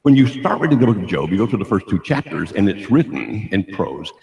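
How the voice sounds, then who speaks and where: An older man preaches with a low, gravelly voice that rises and falls animatedly. He tells jokey stories and throws questions at the crowd. The sound carries the roomy echo of a church hall. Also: sing-song, a little fast, mellow. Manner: jokey, asks the audience questions. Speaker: guest speaker at a church. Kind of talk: humorous sermon storytelling. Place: church auditorium.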